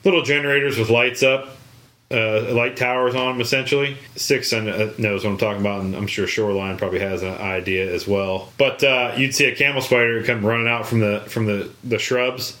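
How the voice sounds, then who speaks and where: A man's voice: medium pitch, brisk, pushed and bright. A man in casual chat, telling rambling stories with many fillers and restarts.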